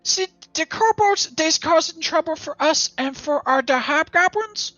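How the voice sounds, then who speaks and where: A man's voice: very high voice, lively intonation, unhurried, sharp tone, dry recording, highs cut off, pitched above the performer's own voice, exaggerated voice. A man voicing a scrappy male goblin who rambles in broken grammar. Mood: rambling.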